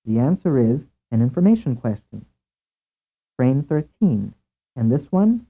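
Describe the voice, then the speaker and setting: A man narrating a scripted language lesson in a measured way, asking questions and then giving the answers. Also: medium pitch, big pitch swings, breathy edge. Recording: tinny lo-fi tape over a narrow band.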